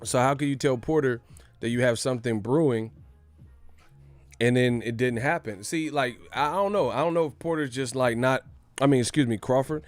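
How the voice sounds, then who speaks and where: A man hosting a casual boxing news livestream, talking in an animated, joking and profane way. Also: mid-range voice, moderate pace, no room sound, soft background music.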